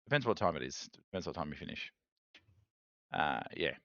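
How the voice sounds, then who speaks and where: A man's voice: a bass voice, fairly quick, no echo, dull audio. An Australian man hosting a casual live stream, chatting with viewers and reading chat aloud. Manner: chatty, reads chat aloud, animated rants. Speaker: streamer host.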